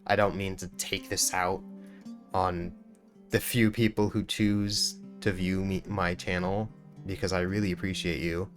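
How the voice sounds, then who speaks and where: A man and gaming YouTuber in an angry, sweary rant about a game, repeating himself, then quietly apologizing to his viewers. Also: sits low, flat delivery, measured pace, faint music behind.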